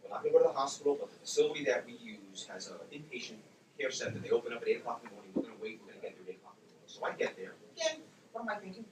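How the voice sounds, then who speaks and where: A man's voice: mid-range voice, racing. A man in his forties telling a personal story to an audience, acting out the voices of the people in it. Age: 40s. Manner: animated, acts out his own and others' words. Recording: roomy, distant, with background noise.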